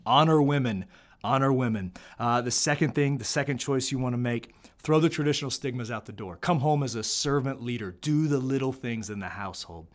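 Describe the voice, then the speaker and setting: A man's voice: mid-range voice, a little fast, few pauses. A middle-aged man giving an earnest motivational talk to fathers, repeating his key points and often checking in with "right?". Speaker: speaker on fatherhood.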